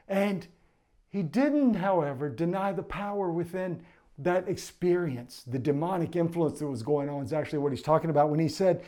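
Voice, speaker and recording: A man preaching as pastor, moving from an earnest prayer into an energetic sermon teaching. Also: high-pitched, normal speed.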